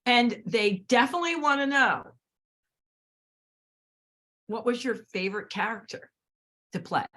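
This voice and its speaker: A woman's voice: fairly high pitch, animated, measured pace, long pauses, a bit bright. A woman hosting a podcast, putting questions to a guest and giving short encouraging replies. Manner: brief encouraging backchannels, reads listener questions. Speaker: podcast host. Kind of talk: interviewing.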